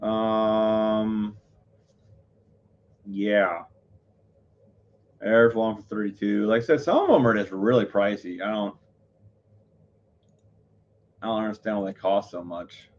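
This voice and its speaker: A man on a live stream, rambling through his thoughts with plenty of fillers and self-corrections. His voice sits on the low side, and the sound is a bit muffled and lo-fi. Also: slow pace, pauses often. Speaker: livestreamer. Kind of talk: casual live-stream chat.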